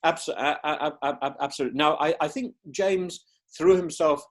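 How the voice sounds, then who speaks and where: A man chatting as a podcast guest, animated and theatrical, often restarting and repeating words as he thinks. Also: on the high side, normal speed. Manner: animated, theatrical, breaks into put-on voices. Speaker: podcast guest, professor and former politician. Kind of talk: casual interview chat.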